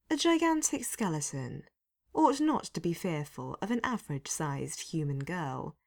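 A woman narrating a story aloud in an unhurried, dry reading voice. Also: sits low, darkish tone.

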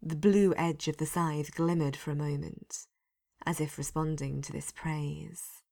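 A woman narrating a story aloud in an unhurried, dry reading voice. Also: deep voice, fairly even intonation, vocal fry, mellow.

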